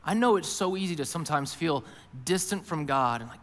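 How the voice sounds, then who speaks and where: A man preaching a sermon from a church stage, his voice slightly high for a man. He swings from near-whispers to loud, emphatic bursts and acts out voices in the first person. A long reverb from the hall trails each phrase. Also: lively intonation, a little fast. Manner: shifts between hushed intimate lines and loud emphatic ones; voices Jesus and worried listeners in first person. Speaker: pastor. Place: church auditorium.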